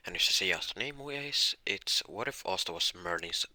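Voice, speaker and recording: A man narrating an improvised fan-fiction story, halting with many restarts and self-corrections. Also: deep voice, lively intonation, pushed and bright, no room sound.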